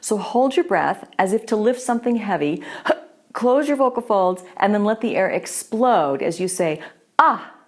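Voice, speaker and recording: A woman teaching a voice lesson, explaining clearly and patiently. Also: mid-range voice, animated, moderate pace, a little mellow. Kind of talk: instructional voice lesson.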